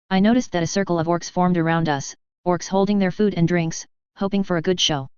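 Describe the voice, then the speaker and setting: A woman reads a first-person fan story aloud at a steady, plain pace. Her voice is lowish, very smooth and clear, recorded dry with a slightly dull, lo-fi sound. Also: fairly quick, few pauses, no room sound. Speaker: narrator.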